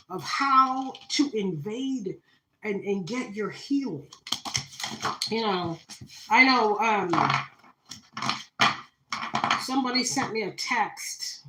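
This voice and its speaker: A woman's voice: mid-range voice, animated, takes it slowly, bright, forceful tone, echoey room, slight background noise, rough recording. A woman giving a dramatic tarot reading on a live stream, talking straight to her viewers with plenty of fillers. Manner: dramatic, spiritual, talks to viewers, many fillers. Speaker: tarot reader.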